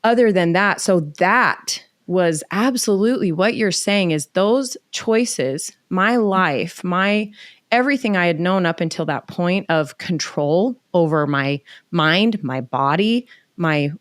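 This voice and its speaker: A woman's voice: fairly low pitch, no echo, studio quality. Candid mom telling her story. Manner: animated, emotional, quick asides with reenacted dialogue. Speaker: podcast guest.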